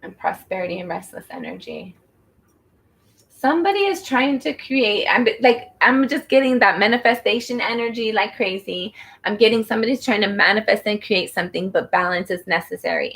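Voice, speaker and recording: A woman reading tarot cards in a loose, rambling way, often circling back to calm the listener. Her pitch sits in an ordinary middle range for a woman. She talks with many "like" fillers and a soothing, reassuring manner. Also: a little fast, vocal fry. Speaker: tarot reader. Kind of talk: casual spoken tarot reading.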